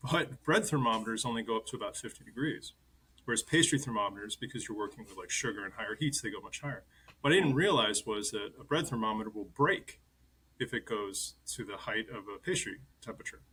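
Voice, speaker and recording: Bright-voiced chef in his fifties. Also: lowish voice, quick pace, slightly rough, poor audio. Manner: animated anecdotes, chuckles while telling stories. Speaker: guest chef. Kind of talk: conversational interview storytelling.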